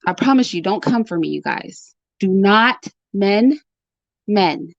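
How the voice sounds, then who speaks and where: A woman's voice: medium pitch, expressive, slow, vocal fry, no room sound. Woman, commentary host, emphatic, repeats warnings, dry muffled sound. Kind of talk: direct-to-camera commentary.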